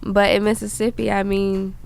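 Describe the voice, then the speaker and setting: A woman's voice: medium pitch, little pitch movement, moderate pace, vocal fry, a little mellow, slight background noise. A young woman hosting a casual chat, talking easily while sick with a stuffy voice. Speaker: student host.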